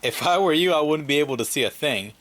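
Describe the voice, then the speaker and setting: A man narrating a relaxed family home vlog in a low-key way. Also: quick pace. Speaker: vlogger father.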